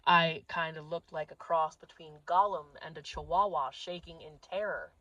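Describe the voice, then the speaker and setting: Woman, comic storyteller, crude and animated, dry close sound. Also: low voice, normal speed, dry recording, highs cut off. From northeastern Pennsylvania. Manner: animated, crude, exaggerated delivery. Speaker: comedian.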